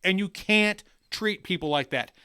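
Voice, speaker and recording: A man co-hosting a casual podcast, talking crudely and excitably in loose, rambling banter. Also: high voice, measured pace, clear, resonant tone, dry recording, studio quality. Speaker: podcast co-host.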